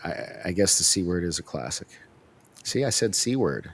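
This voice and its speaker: A man's voice: deep voice, big pitch swings, normal speed, a little hiss or hum. A man hosting a casual review podcast, joking around and often restarting his sentences. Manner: joking, flustered, lots of restarts. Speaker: podcast host.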